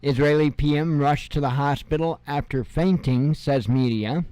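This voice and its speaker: A man's voice: fairly high pitch, moderate pace, mellow, clear, resonant tone, no room sound. A man in his fifties hosting an independent news show, reading headlines aloud and adding sarcastic asides and chuckles. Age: 50s. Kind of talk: casual headline reading with commentary.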